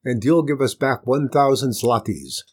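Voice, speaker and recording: Man doing a loud, eager villager. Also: mid-range voice, animated, moderate pace, slightly rough. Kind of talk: storybook reading.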